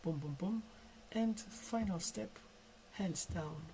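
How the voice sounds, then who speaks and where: A French digital artist chats casually on a live stream while drawing, speaking slowly and softly in a voice that sits high. He's calm and careful, stutters at times, and there's a little hiss or hum in the audio.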